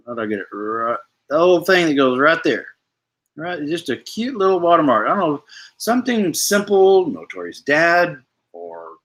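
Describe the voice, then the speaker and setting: A man with a husky, slightly breathy voice and a drawl talks loosely on a live stream. He rambles, trips over his words, and pokes fun at himself while he answers chat. His pitch sits in a middle range. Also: fairly bright tone. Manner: rambling, self-deprecating, stops to answer chat. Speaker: livestream host. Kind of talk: casual live stream chat reading comments.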